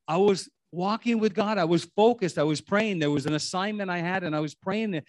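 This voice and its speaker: A man's voice: high-pitched, fairly quick, dry recording, clean studio sound. A middle-aged man preaching a sermon in a rambling, conversational way, full of restarts and asides. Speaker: pastor.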